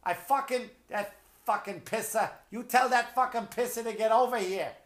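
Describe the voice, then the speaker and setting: A man voicing a furious South Boston mother yelling at her kids in a Boston accent, scolding and swearing. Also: normal speed. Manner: profane, shrill, scolding.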